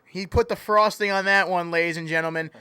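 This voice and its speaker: A man's voice: sits high, fairly even intonation, fairly quick, bright, forceful tone, smooth, dry recording. A man calling play-by-play in a joking mock sports broadcast, playful and easily sidetracked. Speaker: play-by-play commentator.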